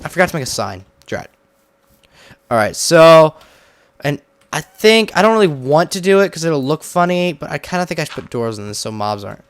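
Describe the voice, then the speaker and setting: Male gaming host, slightly high voice, rambling casual commentary, dry close sound. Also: very animated, brisk, no room sound. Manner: rambling, chatty, heavy use of "like".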